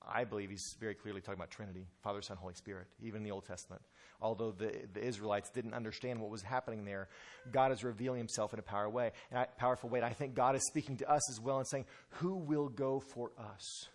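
A man's voice: on the low side, steady tone, rapid-fire. A male pastor preaching a sermon in an emphatic way, often repeating words as he restarts.

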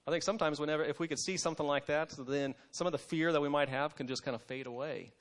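A man's voice: fairly high pitch, fast. A man giving a conversational devotional sermon, with frequent fillers and restarts.

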